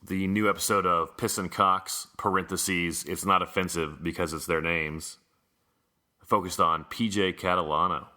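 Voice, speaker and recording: Low-voiced man hosting a news rundown. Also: fairly even intonation, normal speed, sharp tone. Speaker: podcast host.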